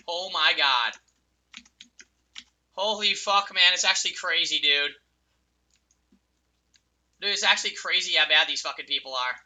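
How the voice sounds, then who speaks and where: A young man streaming a game, ranting furiously at other players with profanity and yelling insults, then drifting back into telling a personal story. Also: a little high.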